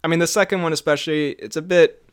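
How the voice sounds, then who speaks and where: Higher-voiced young man, opinionated banter. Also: fast, clear, resonant tone. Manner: animated, opinionated, giggly. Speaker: podcast co-host. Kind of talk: casual chat.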